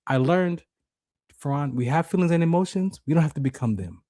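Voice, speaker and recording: A podcast co-host on a talk show tells a personal story with real emotion, speaking a bit quickly. He's animated and acts out the voices in his head as high shouts. The studio-quality recording has no room sound.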